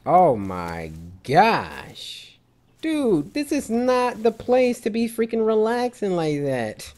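Excitable young man yelling at a game. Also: very high-pitched, a little slow. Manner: loud, excitable trash talk with squeals and yells. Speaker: gaming video creator. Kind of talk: let's play commentary.

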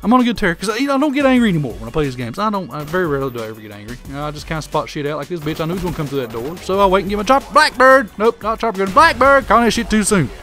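Man, Southern drawl, gameplay commentary, crude trash talk, quick delivery, game music behind. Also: on the high side, very animated. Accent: Southern US hillbilly drawl. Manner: brash trash-talking hillbilly persona, crude insults at opponents. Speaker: gaming commentator.

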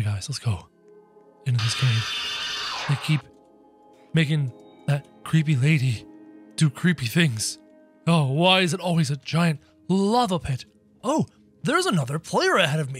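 A man voicing a mischievous, snarky male cartoon rabbit while playing a game in character, excitable and prone to loud panicked yelps. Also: on the high side.

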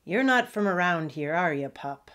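A woman voicing a gruff female pug pirate with a gold tooth, speaking in salty, taunting pirate talk. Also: on the low side, expressive, normal speed, fairly bright tone.

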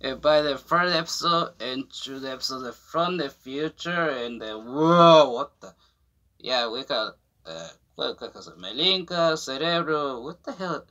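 A man's voice: medium pitch, expressive, pushed and bright. A young man chatting to camera about a new jacket, his English broken and non-native. He rambles, trips over his words, restarts often and giggles between phrases. The talk is loose and unscripted, like a casual unboxing vlog. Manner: rambling, halting, with frequent fillers, restarts and giggles. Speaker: vlogger showing off a new jacket.

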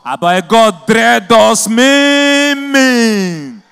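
A man with a Nigerian Pidgin accent doing stand-up comedy, firing off quick asides and mock reactions. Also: very high voice, expressive, gravelly, fairly bright tone, clear, resonant tone, in a large hall, soft background music.

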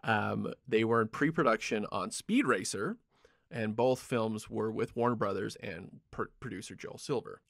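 A man's voice: lowish voice, normal speed, creaky, fairly bright tone, no echo, clean studio sound. A man hosting a podcast, casually walking his co-hosts through the history of a film production and laughing often. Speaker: podcast host. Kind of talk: casual chat.

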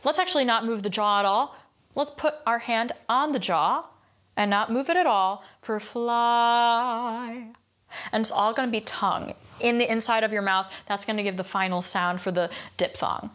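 Here a young vocal coach talks through an idea and follows it with a sung example during her lesson. Her voice runs a little high with a fairly bright tone, at a steady, moderate pace.

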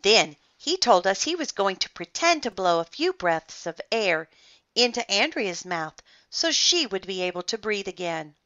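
A woman reading a children's book aloud in a playful, expressive way. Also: mid-range voice, highs cut off. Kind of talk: storybook read-aloud.

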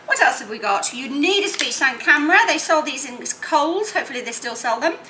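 Lively woman sounding out words. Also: high-pitched. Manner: sounds out words slowly in separate phonemes; animated and playful with children's toys. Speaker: literacy teacher. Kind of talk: teaching demonstration. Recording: echoey room, faint noise.

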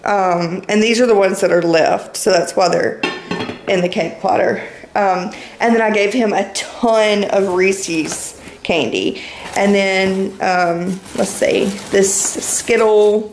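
A woman's voice: medium pitch, takes it slowly. A young woman rambling casually to the camera in a daily home vlog, with lots of ums and likes. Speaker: vlogger. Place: indoors at home, walking between rooms. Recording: echoey room, faint background noise.

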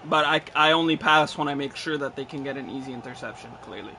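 A man's voice: mid-range voice, quick pace, pushed and bright, a little hiss or hum. A young man giving frustrated gameplay commentary, swearing, ranting and mocking himself sarcastically. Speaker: gaming YouTuber.

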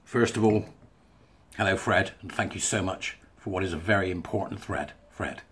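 Male commentator, husky, reads a text aloud and riffs on it casually. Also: sits low, normal speed. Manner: chatty, wry asides, breaks into laughs. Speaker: commentator reading a thread aloud. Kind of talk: casual monologue reading and commenting.

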